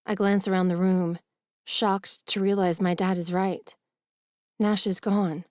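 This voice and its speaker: A woman narrating a first-person romance audiobook in an expressive, emotional reading. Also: fairly low pitch, unhurried, no echo, clean studio sound.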